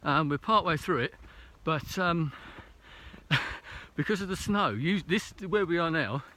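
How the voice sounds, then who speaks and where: A man's voice: fairly high pitch, expressive, unhurried, bright, forceful tone. A man talking casually to a camera while hiking a snowy mountain trail, a little out of breath, rambling and hesitant with many fillers. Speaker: vlogger.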